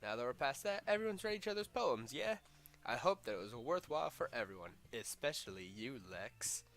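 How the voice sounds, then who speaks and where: A man's voice: mid-range voice, sing-song, a little fast, a bit bright. A man reading as a poised club-president girl. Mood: composed.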